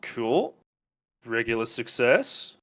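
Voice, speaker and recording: A man's voice: medium pitch, big pitch swings, slow, a bit bright, a little hiss or hum. Casual man running a tabletop game. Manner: casual, hesitant, filler-heavy. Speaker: game master.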